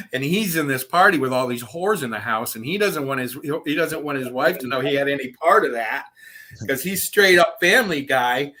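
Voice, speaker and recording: A man tells his story as a guest over a video call, swearing freely and chuckling between lines. His voice is bright and forceful, with a middle pitch for a man. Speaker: guest, author telling his own story. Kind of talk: casual storytelling.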